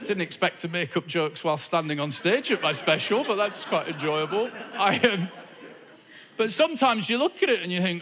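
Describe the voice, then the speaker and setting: A man's voice: high voice, animated, moderate pace. A male stand-up comedian on stage, talking to the crowd in a wry, conversational way full of observational asides. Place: comedy club stage before a live audience.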